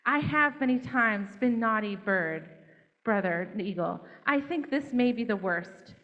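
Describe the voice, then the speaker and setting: A woman's voice: medium pitch, lively intonation, measured pace, fairly bright tone, long reverb tail, dull audio. A woman voicing a contrite talking crow in a children's story, speaking with formal dignity. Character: contrite talking crow, proud but ashamed.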